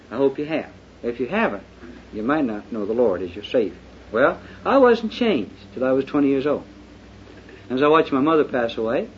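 A man preaching a sermon in a folksy way, dropping to hushed confession and then rising to fervent shouting. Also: medium pitch. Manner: folksy, with lots of "you know". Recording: dull lo-fi recording with faint hiss.

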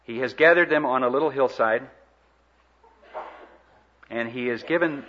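A man preaching a sermon in an earnest, emphatic way, with dramatic pauses and swells. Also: medium pitch, dull audio, a little hiss or hum.

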